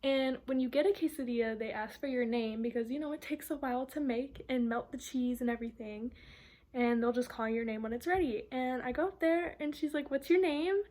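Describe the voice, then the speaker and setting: A woman's voice: fairly high pitch, brisk, a little mellow. A young woman art student vlogging casually about her week, chatty and full of filler words. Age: young adult. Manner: chatty storytelling with many "like" fillers. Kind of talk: casual vlog chat.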